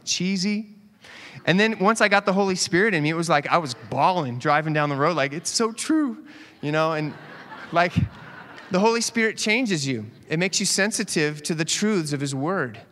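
Joking pastor in a reverberant hall. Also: male voice, a little high. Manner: animated, joking asides to the congregation. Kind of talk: conversational sermon.

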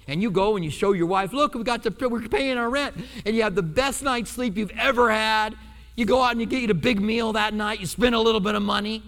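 High-pitched and fast-talking, a pastor preaches a sermon in church as an animated storyteller, acting out quotes with humor. His voice echoes with long hall reverb.

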